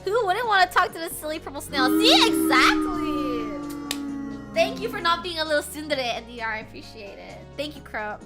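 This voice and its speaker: Streaming from home, a bubbly young woman chats with her viewers, swinging from soft murmurs to loud, excited bursts. Her voice is high and her pace moderate, with loud music playing over it.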